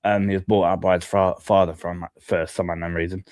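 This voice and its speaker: Low-voiced blunt man. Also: level tone, fairly quick, a little mellow, no echo, studio quality. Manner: blunt and crude, calls people sweetheart and mate. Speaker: chat guest. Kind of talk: casual live chat.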